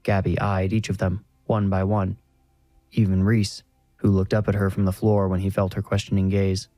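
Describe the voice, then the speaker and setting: Male horror narrator, low mellow voice, dry close sound, faint music under. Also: no room sound. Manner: measured, even storytelling.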